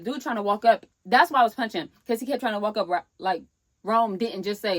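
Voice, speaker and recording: Young woman vlogger, animated storyteller who acts out quotes; dry, close recording. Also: fairly high pitch, fairly quick, dry recording. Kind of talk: storytime vlog.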